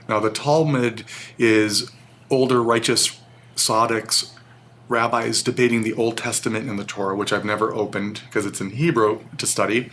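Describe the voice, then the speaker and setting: A man being interviewed vividly relives a personal story in an earnest, emotional way. He talks at normal speed in a steady, mid-range, fairly bright voice, and there's slight noise behind him.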